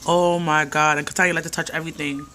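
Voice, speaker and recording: New lady vlogging, rants a lot, laughs a bunch, bright tone. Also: low-pitched, fast, a little hiss or hum. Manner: animated, ranting, laughs often. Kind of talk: casual rambling vlog chat.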